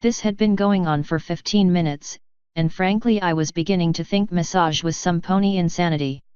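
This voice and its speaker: A woman narrating a story in a lowish, very smooth voice with an even read-aloud delivery. The recording is dry and slightly dull, like a home setup. It is fanfiction audiobook narration. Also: normal speed, no room sound. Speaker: fanfiction reader.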